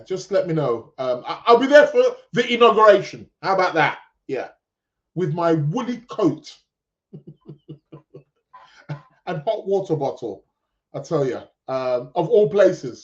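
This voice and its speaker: A man chats his way through an astrology podcast, wandering off topic and chuckling as he goes. His voice sits a little high, and it comes through a dull, lo-fi recording. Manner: rambling, chuckling, lots of fillers and restarts. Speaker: podcast host. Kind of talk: casual astrology podcast chat.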